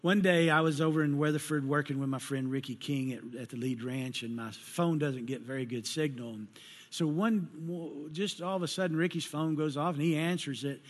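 A middle-aged pastor with a somewhat high voice delivers a sermon at a normal pace, sharing folksy personal stories and performing the voices of the people in them. The recording carries a long hall reverb.

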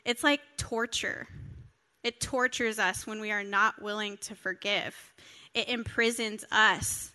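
A woman's voice: medium pitch, steady tone, slow, sharp tone. A woman preaching a sermon, reading scripture and then explaining it, earnest and emphatic as she speaks straight to her listeners.

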